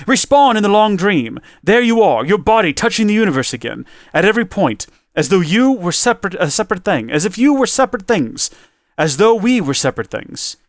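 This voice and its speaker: Ancient cosmic beings speak to the player in a solemn, measured recital, read aloud by a man. The voice sits a little high. The sound is dry and close. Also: dry recording. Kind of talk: reading a game's ending poem aloud.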